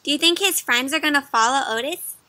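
Woman, kids' read-aloud host, gentle and questioning, high voice, dry close mic. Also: fairly quick, dry recording. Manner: gentle, asks the listener questions. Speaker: children's storybook reader. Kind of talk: interactive read-aloud for kids.

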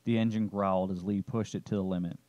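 A man narrating a story chapter in a steady, descriptive way. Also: deep voice, fast, no echo, muffled recording.

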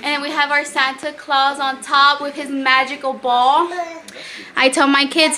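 A woman's voice: high-pitched, level tone, normal speed, bright, forceful tone, a little hiss or hum. A woman chatting casually with her vlog viewers, laughing often and sounding full after a meal. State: pregnant, very full after eating. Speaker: vlogger. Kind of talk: casual chat. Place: restaurant, then home by the Christmas tree.

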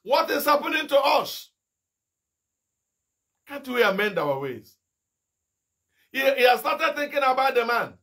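A fiery male evangelist from Nigeria preaching a sermon in a high, ringing voice. He is bright and piercing in tone, firing off rhetorical questions and sudden shouted rebukes. A middle-aged preacher who swings between scolding and exhortation. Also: very animated, measured pace, pauses often.

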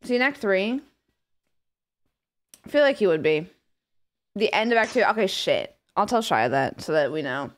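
A woman streamer chatting casually on a live stream, giggling often and swearing as she rambles excitedly. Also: mid-range voice, moderate pace, pauses often. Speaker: livestreamer.

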